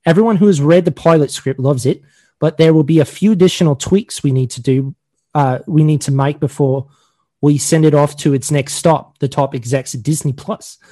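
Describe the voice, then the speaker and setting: A man's voice: on the high side, warm tone, no echo, natural voice. A man putting on a mock Australian accent. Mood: earnest. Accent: Australian, put on. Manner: halting, stumbling over words.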